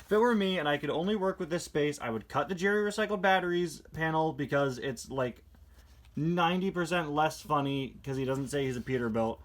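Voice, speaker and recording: A man reviewing a comic book adaptation in a casual, sarcastic, exasperated way, reading captions aloud in quick put-on voices. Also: a little high. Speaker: toy reviewer.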